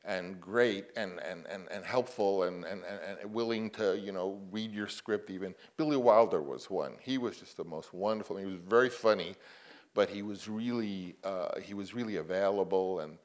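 An older man, a guest on a panel, telling stories in a rambling, halting way. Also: low-pitched. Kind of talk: anecdotal panel conversation.

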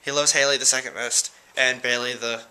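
A teenage guy rambling through shout-outs in a casual vlog at home, giggling and hesitant. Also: medium pitch, fairly even intonation, fairly quick. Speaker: vlogger. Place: room at home.

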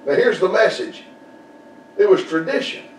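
High-voiced preacher, echoey church. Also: male voice, expressive, moderate pace. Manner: folksy, repetitive, call-and-response preaching. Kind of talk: Southern Baptist sermon. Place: church sanctuary. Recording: echoey church room, distant mic.

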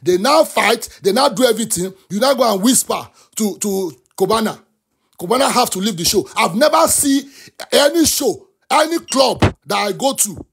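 Impassioned high gravelly Nigerian man. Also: lively intonation, normal speed. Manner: impassioned, switches between English and Yoruba, often bursts into shouts. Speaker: talk show host. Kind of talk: animated commentary rant.

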